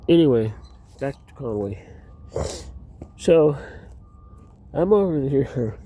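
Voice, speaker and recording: A man's voice: mid-range voice, dark tone. A man outdoors telling rambling personal stories, often cutting himself off and laughing at his own tales. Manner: meandering, self-interrupting, laughs at own stories. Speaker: vlogger.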